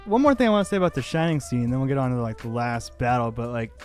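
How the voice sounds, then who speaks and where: A man's voice: mid-range voice, quick pace, soft background music. A man co-hosting a movie review podcast, talking casually and enthusiastically with lots of filler words. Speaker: podcast co-host.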